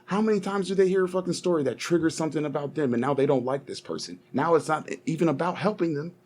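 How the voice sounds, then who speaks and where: A man's voice: on the high side, quick pace, a little mellow. A man co-hosting a podcast, talking bluntly and swearing a lot in casual chat. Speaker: podcast co-host.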